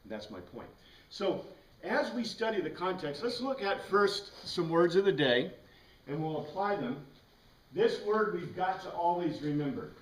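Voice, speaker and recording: An animated man with a high voice teaches a Bible lesson at normal speed, explaining words with patience, spelling some out, and tossing in excited asides. The distant mic picks up room echo and slight background noise.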